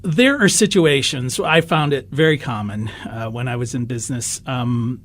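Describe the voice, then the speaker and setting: A man's voice: medium pitch, normal speed, a bit bright. An American man co-hosting a podcast, talking casually and telling stories with frequent restarts. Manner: chatty storyteller with many restarts. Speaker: podcast co-host. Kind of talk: casual discussion.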